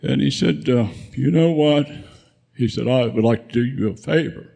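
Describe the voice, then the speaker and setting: A man's voice: medium pitch, normal speed, creaky, warm tone. A man in his nineties, a veteran guest, telling rambling war memories with frequent chuckles at a live event. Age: 90s. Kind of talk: spoken war memoir.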